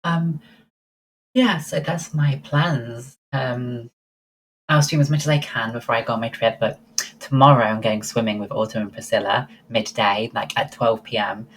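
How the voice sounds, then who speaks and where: A woman's voice: extremely low pitch, steady tone, normal speed, slight background noise, poor audio. A woman livestreaming, chatting casually and answering her viewers' messages one by one. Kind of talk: casual chat with live viewers.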